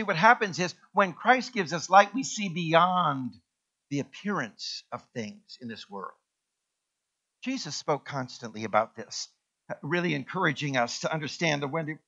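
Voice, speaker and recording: A man preaching a sermon as minister, animated and emphatic, firing off rhetorical questions to his congregation. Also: a little high, dull audio.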